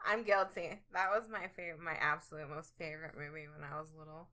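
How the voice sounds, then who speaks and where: A woman's voice: low voice, moderate pace, sharp tone. A woman in her twenties co-hosting a podcast in casual chat, giggling often and telling stories with animation. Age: 20s. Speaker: podcast co-host.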